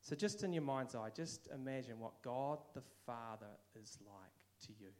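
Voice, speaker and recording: A man's voice: mid-range voice, animated, normal speed, darkish tone. A man with a New Zealand accent giving a casual, conversational sermon, now and then acting out quoted voices. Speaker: preacher.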